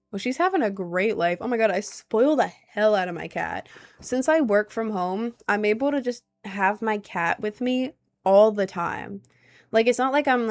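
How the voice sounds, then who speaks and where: A woman from New York City chatting casually at home, rambling with lots of filler words as she reads viewer messages. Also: medium pitch. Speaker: streamer. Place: at home, indoors.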